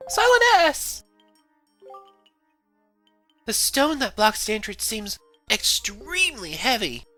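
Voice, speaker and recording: A man voicing a small anxious tree-spirit sidekick in a shrill, frantic high voice. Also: big pitch swings, measured pace, bright, forceful tone, faint music behind, exaggerated voice. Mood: fretful.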